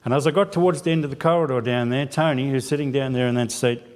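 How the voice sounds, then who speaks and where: A man's voice: mid-range voice, steady tone, fast. A man giving a church sermon as a lay preacher, telling a self-deprecating personal story with quoted dialogue. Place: church sanctuary.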